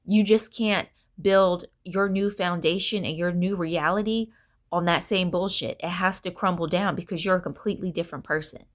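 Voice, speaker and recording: Emphatic woman giving a swearing pep talk. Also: lowish voice. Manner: emphatic, repetitive, swears casually. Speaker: inspirational vlogger. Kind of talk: motivational talk to camera. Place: hotel room.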